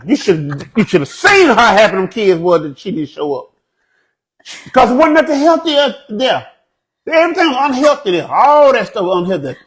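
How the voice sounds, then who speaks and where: A comedian telling funny stories in an animated way, slipping into a put-on proper voice. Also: male voice, high-pitched, poor audio. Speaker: comedian guest. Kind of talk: comic storytelling.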